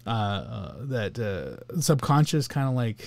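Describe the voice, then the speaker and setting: A man's voice: medium pitch, big pitch swings, slow pace, gravelly, dry recording. A man co-hosting a casual talk about emotions, rambling with fillers and restarts, sometimes acting out coworkers. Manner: acts out coworkers in little skits. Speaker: podcast co-host.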